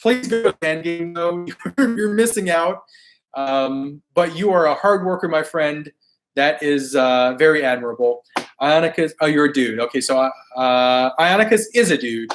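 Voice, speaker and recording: Hoarse man chatting on a live stream. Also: a little high, lively intonation, normal speed. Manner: laid-back, chatty, slangy, often laughing. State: hoarse, losing his voice. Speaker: toy collecting live stream host. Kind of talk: casual live stream chat reading viewer comments.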